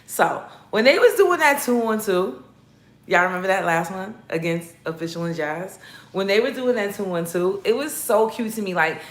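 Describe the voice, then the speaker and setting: A woman's voice: medium pitch, lively intonation, normal speed. A woman hosting a casual livestream, chatting with her viewers in a blunt, profane and playful way. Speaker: livestream host talking battle rap. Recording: roomy echoey room.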